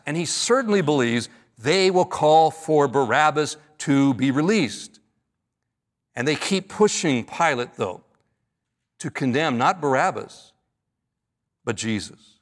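A man's voice: a little high, animated, measured pace. A man preaching an earnest expository sermon, stretching key words for emphasis. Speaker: pastor.

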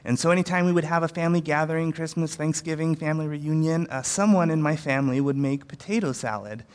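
A man's voice: on the high side, fast, big-room sound. A man preaching a sermon in a casual, conversational way, often acting out quotes and using fillers. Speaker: pastor.

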